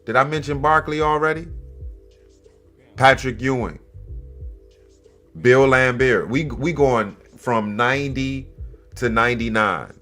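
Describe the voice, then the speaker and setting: A man hosting a comedy commentary show, animated and mocking, swinging between loud exclamations and low mutters. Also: a little slow, long pauses, soft background music. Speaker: host.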